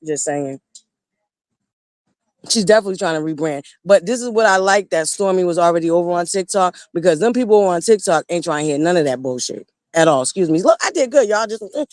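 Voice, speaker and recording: A Southern woman hosts a casual gossip livestream, lively and laughing often as she talks straight to her viewers. Her voice comes across dry and close, with no room sound. She keeps the chat loose and personal. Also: on the low side, fairly quick, no echo. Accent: Southern American. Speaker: livestream host.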